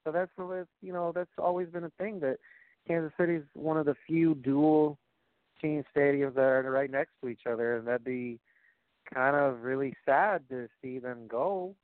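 A man's voice: on the high side, normal speed, no echo. A man hosting a casual wrestling and sports chat show, rambling and joking with lots of fillers. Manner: rambling, filler-heavy, jokey. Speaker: podcast host. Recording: dry, tinny phone-like sound.

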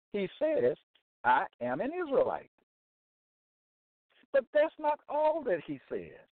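A high-pitched male voice hosts a religious broadcast, emphatically and repetitively preaching on Bible passages and checking in with "okay?". It comes through a tinny, dry phone line with no room sound.

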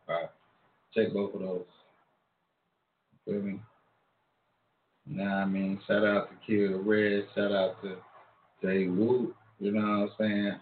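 Slow, drawling man on a tinny, echoey line. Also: lowish voice, little pitch movement, slight background noise. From Long Island, New York. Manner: laid-back, drawling, slangy. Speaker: show host. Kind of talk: casual street talk monologue. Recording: echoey room over a tinny phone-like line.

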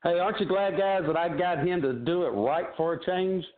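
A man's voice: high-pitched, brisk. A man co-hosting with teasing, playful banter. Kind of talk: casual banter. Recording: phone-like.

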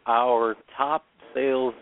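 Brief: male panelist, mid-pitch, measured and plain, phone-like audio. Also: level tone. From Central Texas. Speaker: recruiting panelist. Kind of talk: casual panel discussion. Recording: tinny phone-like line.

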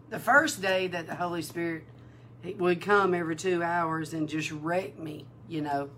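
A woman minister giving an emotional testimony in a sermon, telling her story with animated feeling. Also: on the low side, slight background noise. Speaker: prophetic minister.

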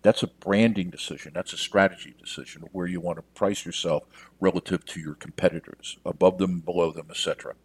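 In a casual podcast monologue, a middle-aged business coach from the United States speaks straight to listeners, calling them "you" in a direct, conversational manner. He talks fast in a low, steady voice with a breathy edge, and there's no echo.

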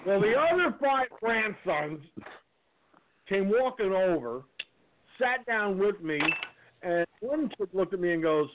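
A man from Peekskill, New York, telling a long anecdote in a casual, animated way and acting out the voices. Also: sits high, a little slow, background noise. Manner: animated storyteller, acts out the voices. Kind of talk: casual storytelling. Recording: tinny phone line.

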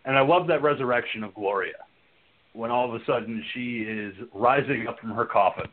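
A man's voice: medium pitch, brisk. A man hosting a casual horror film review podcast, laughing often and swearing freely as he retells scenes. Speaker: podcast host. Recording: tinny phone-like line.

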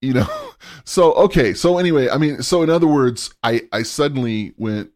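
A man's voice: mid-range voice, moderate pace, no room sound, clean studio sound. A middle-aged man hosting an interview, telling a story with lots of laughter and acted-out quotes. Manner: animated storyteller, laughs often, acts out quotes. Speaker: podcast host.

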